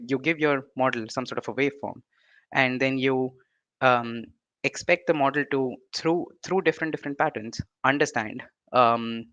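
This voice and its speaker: A man's voice: medium pitch, fairly bright tone, no room sound, highs cut off. A young man with an Indian accent, giving an online lecture, full of fillers and restarts and often checking in with "right?". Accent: Indian English. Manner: halting, many fillers and restarts, ending points with "right?". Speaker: presenter.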